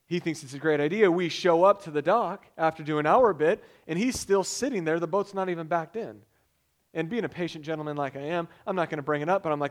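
A high-voiced man preaching a sermon, weaving a personal story into the message. He tells it in an animated, storytelling way, with loud bursts when he gets excited. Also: a little fast. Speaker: pastor.

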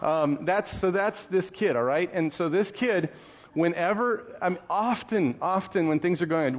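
A man's voice: sits high, normal speed, muffled recording. A male pastor in his thirties preaching a sermon in a conversational, storytelling way, with rhetorical questions and laughs.

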